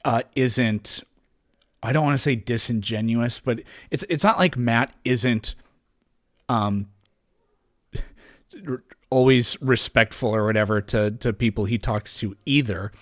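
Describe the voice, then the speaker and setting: A man's voice: mid-range voice, slow, long pauses, no echo, studio quality. A man talking casually as a podcast guest, rambling with many restarts and fillers. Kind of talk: casual conversation.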